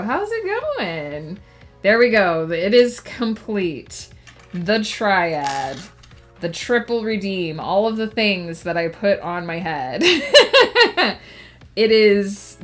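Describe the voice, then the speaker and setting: Woman streamer just chatting, slow and easy, lots of ums and giggles, quiet music in the back. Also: medium pitch. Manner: chatty, laughs often, many fillers. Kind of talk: casual live-stream chat.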